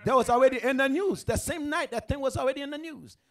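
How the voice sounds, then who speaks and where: A man's voice: very high voice, fast, fairly bright tone. A man on a religious teaching panel, speaking earnestly and conversationally, often turning to address the listener directly. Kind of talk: casual teaching discussion.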